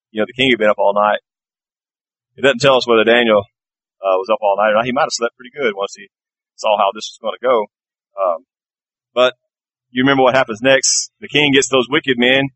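A man preaching a sermon, earnest, with his voice climbing on emphatic lines and dropping low and soft at the close of points. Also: poor audio. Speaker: pastor.

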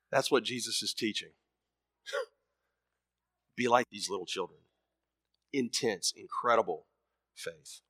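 A man in his thirties preaching a sermon, emphatic, repeating words and swinging between loud bursts and soft murmurs. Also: fairly low pitch, dry recording, studio quality.

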